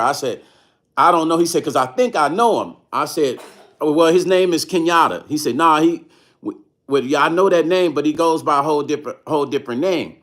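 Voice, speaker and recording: A middle-aged man from Chicago telling a story on his livestream, animated and laughing often, acting out the other people's lines. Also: on the high side. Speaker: vlogger and musician.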